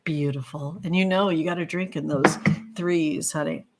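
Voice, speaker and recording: A woman runs a casual tarot livestream, reading viewer comments aloud. She gushes and sprinkles pet names everywhere, and her voice sits a touch on the low side. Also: steady tone, moderate pace, heavy background noise. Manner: effusive, gushing, calls viewers sweetheart. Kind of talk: live-stream chat with viewers.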